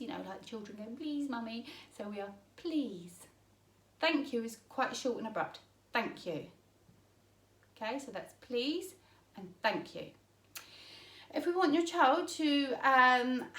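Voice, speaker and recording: A woman's voice: medium pitch, fairly bright tone. A woman teaching parents basic home signs, explaining each one patiently and often checking in with "okay?". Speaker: sign language teacher. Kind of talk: instructional demonstration for parents. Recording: roomy echo, mic at a distance.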